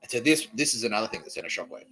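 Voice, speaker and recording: A man's voice: on the low side, animated, racing, over music, low-quality recording. An Australian man hosting a podcast, talking alone in a rambling, profane, repetitive way. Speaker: podcast host. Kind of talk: rambling solo monologue.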